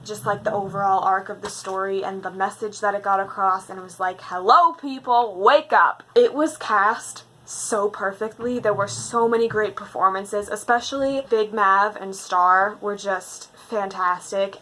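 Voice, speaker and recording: A young woman in a casual, rambling movie-ranking chat, gushing and animated with lots of fillers. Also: medium pitch, a little hiss or hum, low-quality recording. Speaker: book video host.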